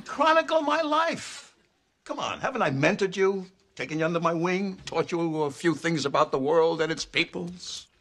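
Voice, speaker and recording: A man's voice: fairly high pitch, expressive, moderate pace, a bit bright. An older man playing a pompous, self-important father who speaks in grandiose phrases. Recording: noisy TV sitcom audio.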